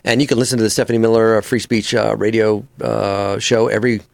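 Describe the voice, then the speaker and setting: A man's voice: fairly low pitch, quick pace, creaky, no echo. A man, a comedian and voice actor, telling stories in an interview and slipping into character voices. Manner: animated storyteller who slips into character voices. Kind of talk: casual interview chat.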